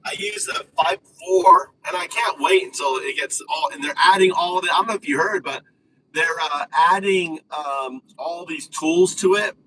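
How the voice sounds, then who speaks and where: Excitable male live streamer, high bright voice, casual and profane, a bit far from the phone. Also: normal speed, slight background noise. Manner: excitable, swearing, trailing restarts.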